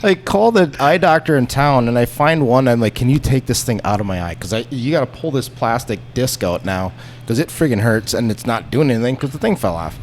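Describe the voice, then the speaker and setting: A man telling a story in a casual podcast chat, animated and profane, acting out the people in it. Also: mid-range voice, a little fast, slight background noise. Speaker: podcast guest.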